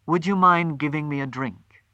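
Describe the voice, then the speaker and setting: A man reading aloud voices a gentle, grieving young housewife in a told story. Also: a little high, normal speed, no room sound, dull audio. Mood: pleading. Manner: gentle, pleading.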